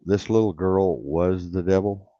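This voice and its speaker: A man's voice: low voice, fairly even intonation, unhurried, warm tone, no echo. An older man telling a rambling, blunt and profane story in casual talk, repeating himself as he goes. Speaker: radio show host. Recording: dull lo-fi radio sound.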